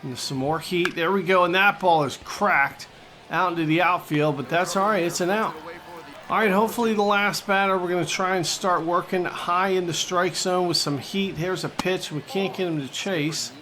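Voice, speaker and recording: A man doing jokey, excitable mock-sportscaster play-by-play over a baseball video game. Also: high voice, normal speed. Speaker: gaming channel host. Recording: steady background noise.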